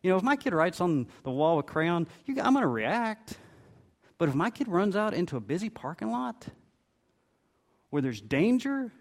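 A man's voice: sits high, big pitch swings, moderate pace. A middle-aged man preaching a sermon, telling a parable with expression and briefly voicing its characters. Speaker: pastor.

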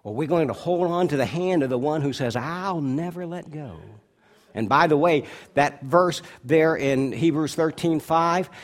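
A male pastor preaching a sermon, moving between loud, drawn-out emphasis and quiet, hushed asides. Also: fairly high pitch. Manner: stretches key words slowly for emphasis.

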